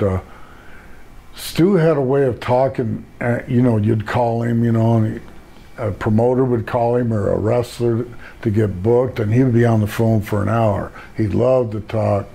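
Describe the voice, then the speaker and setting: Older guy, raspy gravelly voice, laid-back rambling wrestling stories, dark tone. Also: on the low side, fairly even intonation, moderate pace. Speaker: retired pro wrestler guest. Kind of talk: casual interview storytelling.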